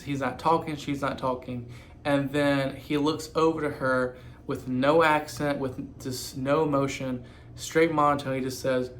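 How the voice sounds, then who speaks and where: A man casually retelling a true crime story, halting with frequent fillers and self-corrections. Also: mid-range voice, fairly bright tone, a little hiss or hum.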